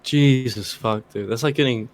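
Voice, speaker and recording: A man's voice: medium pitch, normal speed. A man co-hosting a podcast, chatting casually and reacting with laid-back, profane remarks. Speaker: podcast co-host. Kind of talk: casual chat.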